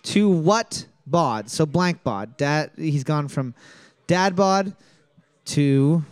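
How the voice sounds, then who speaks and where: A man's voice: on the high side, animated, drawn-out words, dry recording. A man hosting a trivia podcast, reading questions twice and joking and laughing with his co-host. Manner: repeats each question twice, laughs easily.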